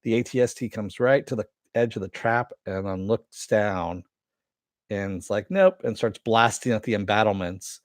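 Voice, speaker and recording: A man's voice: lowish voice, fairly even intonation, moderate pace, no echo, clean studio sound. A man casually recapping a TV episode in a rambling, filler-heavy way, sometimes swearing. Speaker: reviewer.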